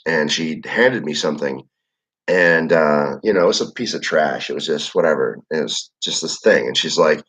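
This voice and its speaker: Reading chat on his laid-back livestream, this young Michigan man has a husky bass voice. His talk is loose and rambling, full of fillers and curse words, captured in dull lo-fi sound.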